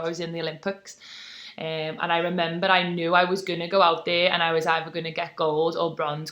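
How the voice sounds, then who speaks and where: Bright-voiced British woman in her twenties. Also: lowish voice. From Britain. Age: 20s. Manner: chatty storytelling, many "like" and "um" fillers. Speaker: guest, taekwondo athlete. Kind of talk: casual podcast interview.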